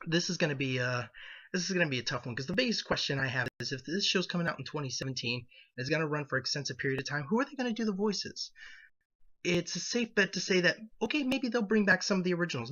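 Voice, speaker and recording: A man talks through his opinions in a loose, rambling way, stopping to restart his sentences. His voice sounds bright and forward. The recording is dull and lo-fi. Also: on the high side. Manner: rambling, animated, self-correcting. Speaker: video commentator. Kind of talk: casual opinion commentary.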